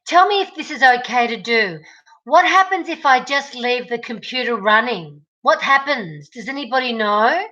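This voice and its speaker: Chatting casually with livestream viewers straight through her laptop mic, a woman walks from room to room at home. Her fairly high voice is expressive, pushed and bright at a normal speed, though the recording has its highs cut off.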